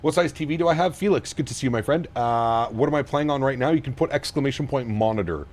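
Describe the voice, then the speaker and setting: A man's voice: mid-range voice, expressive, fast talker, darkish tone. A man from Canada hosting a live flight sim stream in a casual way, greeting viewers by name and talking through each cockpit setup step. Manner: greets viewers by name, reads chat aloud.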